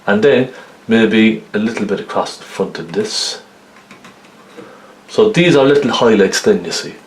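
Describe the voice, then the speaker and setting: A man's voice: on the low side, animated, measured pace. Chatty man teaching oil painting. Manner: chatty, lots of tag questions like okay and isn't it. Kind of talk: step-by-step painting tutorial. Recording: roomy echo.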